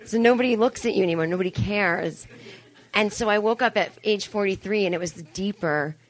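Speaking fairly quickly in a medium-pitched voice, a woman in her 40s works a live crowd with a stand-up monologue. The comedian and podcast host is chatty, profane, and self-mocking, with frequent asides.

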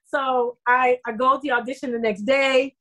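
A middle-aged woman, an actress being interviewed, telling her story in a lively way and repeating herself as she goes. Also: high-pitched, moderate pace. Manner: lively, acts out quoted voices, repeats herself. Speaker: actress guest.

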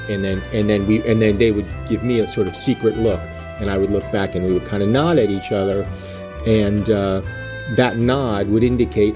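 A man's voice: lowish voice, moderate pace, over music. A man hosting a podcast, talking in a dry, self-mocking, digressive monologue. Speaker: podcast host. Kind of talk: casual rambling monologue. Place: home in Savannah.

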